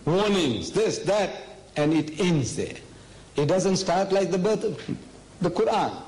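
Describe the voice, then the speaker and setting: An older man with a South African accent giving an emphatic public lecture on religion, full of rhetorical questions, sometimes dropping to a low murmur. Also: animated, slow, a little mellow, low-quality recording.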